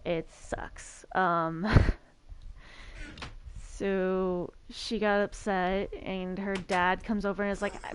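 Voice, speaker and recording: A woman's voice: medium pitch, flat delivery, extremely slow, smooth. Rambling woman streamer, stammering. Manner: rambling storyteller who stammers and repeats words. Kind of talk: casual chat while playing a survival game.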